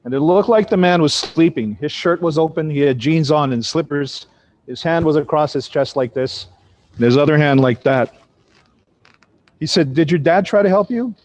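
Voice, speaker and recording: A man's voice: fairly high pitch, moderate pace. A man telling ghost stories in a vivid, dramatic way. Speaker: ghost storyteller. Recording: dull lo-fi sound.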